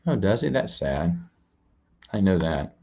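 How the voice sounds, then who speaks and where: Man host, low voice, chatty and rambling, dull lo-fi stream audio. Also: very animated, a little slow, warm tone, a little hiss or hum. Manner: rambling, repeats words and restarts; chats to viewers and reads out donations. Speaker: live-stream show host. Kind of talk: casual live-stream chat.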